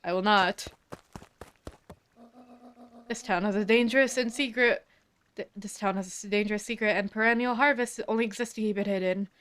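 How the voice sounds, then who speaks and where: A woman's voice: mid-range voice, steady tone, normal speed, long pauses, a bit bright, clean tone, natural voice. A woman voicing a defiant woman pleading urgently with a crowd, sometimes stumbling over her words. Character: defiant determined woman whistleblower. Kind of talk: game dialogue read aloud.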